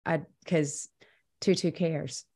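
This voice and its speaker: A woman with a slightly low voice hosts a casual podcast. She sounds bubbly and chatty and laughs easily while she banters. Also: fairly even intonation, slow pace, mellow, husky. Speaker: podcast host.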